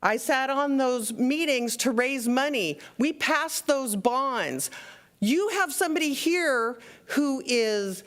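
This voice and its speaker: A woman's voice: high-pitched, lively intonation, takes it slowly. A woman giving an angry, impassioned public comment at a school board meeting, upset and shaking as she scolds the trustees. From outside Texas. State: shaking with anger.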